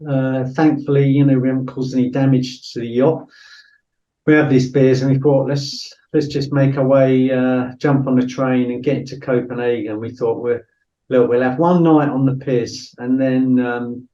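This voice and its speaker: A middle-aged man tells a story in a casual interview, blunt and sweary, leaning on "you know" a lot. His voice is warm and mellow. It sounds roomy and a little distant, with a dull tone. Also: medium pitch, little pitch movement, moderate pace. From Britain. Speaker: podcast guest, former soldier.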